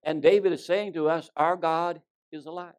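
A male preacher with a fairly high voice delivers a sermon in a folksy storytelling way. He swings between ringing emphasis and near-whispered asides. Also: fairly even intonation, normal speed, clear, resonant tone.

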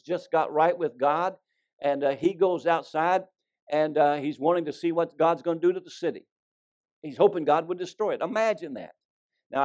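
A man preaching a sermon, telling folksy stories and swinging between loud emphasis and hushed delivery. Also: a little high. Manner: folksy storytelling with fillers.

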